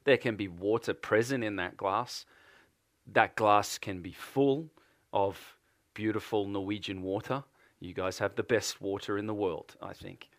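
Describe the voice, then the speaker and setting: A man with an Australian accent delivers a sermon in a slow, unhurried cadence. He repeats his phrases and presses earnest questions on his listeners. The voice sits close and dry, with little room sound. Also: lowish voice, fairly even intonation, dry recording. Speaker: preacher.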